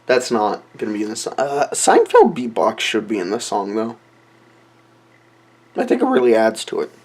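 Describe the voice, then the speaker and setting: A man's voice: on the low side, wildly swooping pitch, normal speed, darkish tone. A young man joking around while recording a silly song, switching between mock singing and rambling asides. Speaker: comedy vlogger recording a song. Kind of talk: joking self-recorded rap session.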